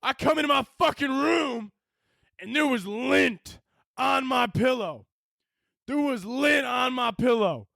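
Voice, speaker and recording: A man voicing a crude frat-boy military officer who shouts threats at pledges in a high, drawn-out bark. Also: gravelly, dry recording, clean studio sound, heavily acted. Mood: bellowing, crude. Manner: shouted crude drill-sergeant rant.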